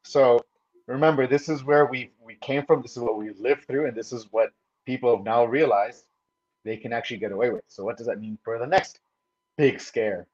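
A man co-hosting a podcast at a mid pitch, speaking in a measured way with frequent fillers. His audio sounds dull and lo-fi. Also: darkish tone. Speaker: podcast co-host. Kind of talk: political podcast chat.

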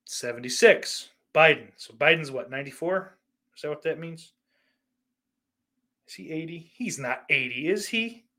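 A man's voice: on the high side, expressive, normal speed, pushed and bright. A man hosting a podcast, reading out listener questions in a rambling, profane and sardonic way. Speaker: podcast host.

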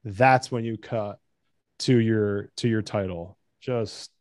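An American man talking excitedly in a casual podcast chat, rambling and swearing. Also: fairly low pitch, takes it slowly, no echo, clean studio sound. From United States.

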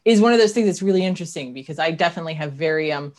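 A woman's voice: sits low, animated, rapid-fire. A woman in her thirties, a guest on a podcast, chatting animatedly and laughing often, with frequent restarts. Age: 30s. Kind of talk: casual chat.

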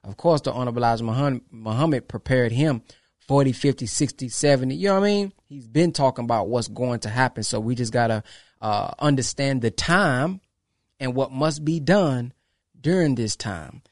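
A man's voice: medium pitch, normal speed, no echo, studio quality. A man hosting his own podcast, speaking in an emphatic, preachy way, repeating phrases and acting out quoted exchanges. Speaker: podcast host. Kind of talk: casual monologue to followers.

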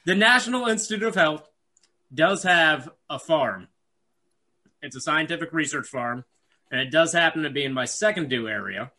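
A man's voice: a little high, animated, moderate pace, sharp tone. A man co-hosting a podcast in casual chat, with dry, joking remarks. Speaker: podcast co-host, firefighter.

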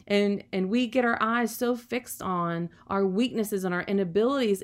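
Earnest woman preaching a sermon. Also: a little high. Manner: earnest, encouraging, with frequent "you know" fillers.

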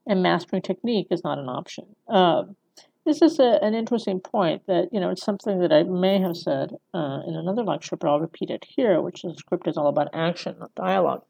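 A woman's voice: lowish voice, brisk, gravelly, mellow, muffled recording. A woman giving a conversational screenwriting lecture, often checking in with her listeners by asking "right?". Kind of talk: recorded lecture.

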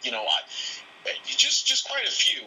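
A man's voice: high voice, huge pitch swings, slow pace, sharp tone, a little hiss or hum, low-quality recording. A man in his thirties from Pennsylvania, a voice actor chatting casually in an interview, rambling with lots of fillers. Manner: rambling, many fillers and restarts. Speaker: guest voice actor.

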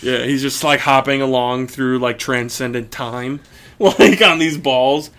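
A man's voice: medium pitch, fairly even intonation, unhurried, fairly bright tone. Young male co-host, rambling and crude, loose casual delivery. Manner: rambling, many fillers, laughs a lot. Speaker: podcast co-host.

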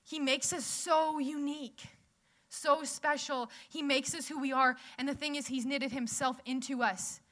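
This young woman has a high, steady voice that is fairly bright and a little slow. Speaking at a church gathering, she gives a casual sermon in a chatty way, asking the audience questions and laughing often.

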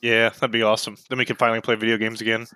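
An excitable young man co-hosting a casual podcast, laughing often and swearing casually. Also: fairly low pitch, racing, smooth, dry recording. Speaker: podcast co-host. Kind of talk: casual chat.

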